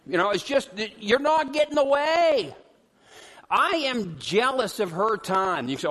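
A middle-aged male pastor preaching a sermon in a church, animated and joking with the congregation, now and then hollering out. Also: very high voice, normal speed. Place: church sanctuary. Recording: long hall reverb.

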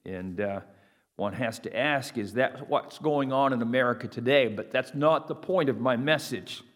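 A man's voice: medium pitch, normal speed, fairly bright tone. A male pastor preaching a sermon, reading scripture with rising emphasis and asking his listeners to repeat phrases after him. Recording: long hall reverb.

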